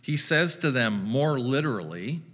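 A male pastor delivers a sermon at an unhurried, deliberate pace, adding dry, wry asides. His voice is bright and clear. A long reverb trails his words, as in a large hall. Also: medium pitch, lively intonation.

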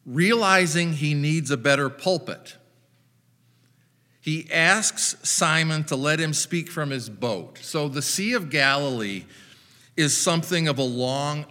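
A male pastor delivers a sermon at an unhurried, deliberate pace, adding dry, wry asides. His voice is bright and clear. A long reverb trails his words, as in a large hall. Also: on the high side.

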